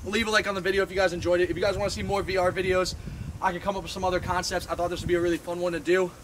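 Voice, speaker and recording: A man's voice: high voice, level tone, racing, a bit bright, a little hiss or hum, poor audio. A young man hosting a casual vlog, complaining playfully about sore muscles and a mouth burning from hot sauce. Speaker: YouTuber host.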